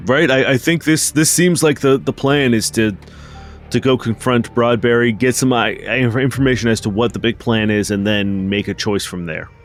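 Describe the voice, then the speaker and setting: Slow, hesitant man playing a tabletop game. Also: medium pitch, fairly even intonation, soft background music. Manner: slow, hesitant, thinking aloud. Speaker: player. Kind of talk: casual chat.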